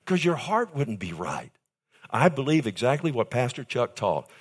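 An older man preaching a sermon as pastor, calling out to his congregation and stretching key phrases slowly for emphasis. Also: very animated, breathy edge. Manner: emphatic preaching with sudden high pitch jumps and slowed key phrases; calls out to congregation with "amen" and "loved one".

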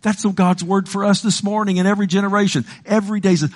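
An older man preaching a sermon with passion, moving from loud pleading to hushed lines and acting out the voices he quotes. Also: sits high, fairly even intonation, fast talker, few pauses.

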